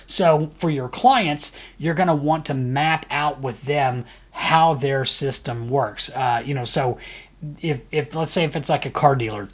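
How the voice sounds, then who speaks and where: A man who runs an agency, talking casually through a software tutorial with upbeat, rambling speech and frequent fillers. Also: medium pitch, unhurried. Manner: loose, rambling, many fillers and restarts; enthusiastic, says "really cool" often. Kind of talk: casual screen-share tutorial.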